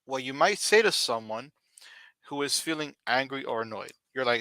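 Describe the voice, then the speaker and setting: A man teaching English vocabulary on a live stream, speaking slowly and deliberately and repeating key words for his learners. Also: medium pitch, animated, bright, forceful tone, no room sound.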